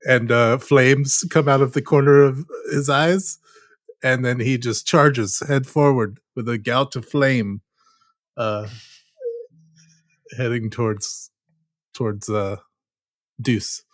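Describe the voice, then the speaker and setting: A man's voice: mid-range voice, fairly even intonation, takes it slowly, pauses often, dry recording. Playful man playing a tabletop game. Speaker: player.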